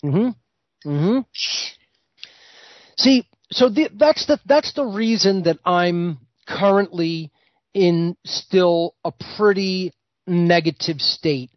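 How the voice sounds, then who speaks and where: A man's voice: high voice, expressive, takes it slowly, no echo. A man hosting a talk show, delivering a heated, lecturing monologue. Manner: vehement, lecturing. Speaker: host. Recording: dull lo-fi recording.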